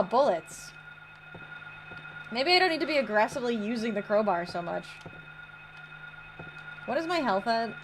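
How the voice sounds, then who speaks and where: A young woman of medium pitch chats casually with viewers while streaming a horror game, welcoming them and reading out chat. Quiet mutters alternate with sudden bursts of excitement, and a little hiss or hum sits underneath.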